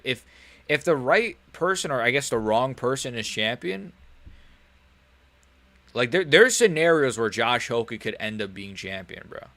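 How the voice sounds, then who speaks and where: A man hosting a casual live stream of fight reactions. He rambles and jokes in loose slang, at a medium pitch that sits right in the middle of a man's range. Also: creaky, fairly bright tone.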